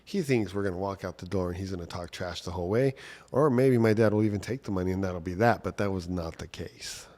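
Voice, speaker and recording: A man's voice: low voice, fast, darkish tone. A man casually telling a personal story from childhood, talking conversationally with lots of "like" and "right?".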